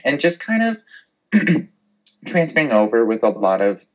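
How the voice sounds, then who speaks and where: A man co-hosting a podcast, giving laid-back, measured commentary in casual chat. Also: mid-range voice, sing-song. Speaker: podcast co-host. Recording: slightly dull lo-fi sound.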